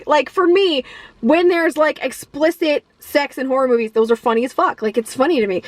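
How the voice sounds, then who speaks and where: A woman's voice: high-pitched, a bit bright, no echo. A woman ranting casually about a film she hated, rambling through fillers and restarts, swearing freely and laughing often. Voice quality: profane, exasperated, laughs often. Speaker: movie reviewer. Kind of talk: casual ranting movie review.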